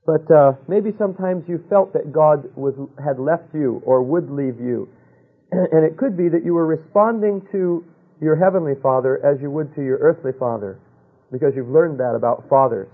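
A man preaching a sermon, telling a personal story with rhetorical questions and dropping to a hush for quoted voices. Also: on the high side, normal speed, husky, narrow, tinny audio.

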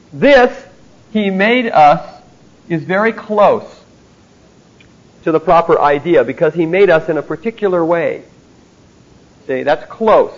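A Bible teacher, a man with a high-pitched voice, delivers an emphatic classroom lecture on theology, often asking his listeners "see?". The recording comes across as dull and lo-fi.

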